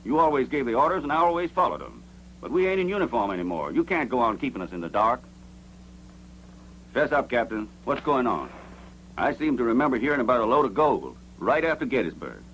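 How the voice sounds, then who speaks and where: An actor playing a blunt, greedy former soldier in a dubbed western, talking in a pushy, folksy way. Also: male voice, mid-range voice, big pitch swings, a little fast, a bit bright, a little hiss or hum, low-quality recording. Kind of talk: dubbed 1970s western film acting.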